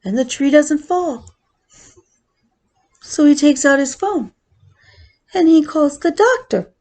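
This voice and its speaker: A woman's voice: high voice, animated, slow pace, darkish tone. A woman chatting casually on her cross-stitch vlog, rambling with fillers as she tells a story.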